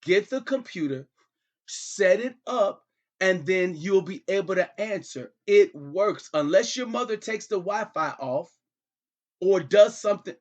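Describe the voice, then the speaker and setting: A man's voice: high voice, animated, measured pace, muffled recording. A middle-aged man hosting a comedy show, talking as a father on a call in a pleading, repetitive, exasperated way.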